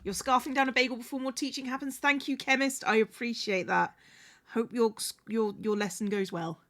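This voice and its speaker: A woman's voice: a little high, fairly even intonation, a little fast, background noise. A woman hosting a live stream, chatting casually while she sews crafts and thanks viewers, often restarting her sentences. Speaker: livestream host.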